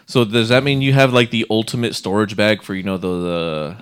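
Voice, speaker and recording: A man hosting a casual podcast, asking questions in a relaxed, jokey way and laughing along with his guest. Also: lowish voice, brisk, smooth. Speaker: podcast host. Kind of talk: casual interview chat.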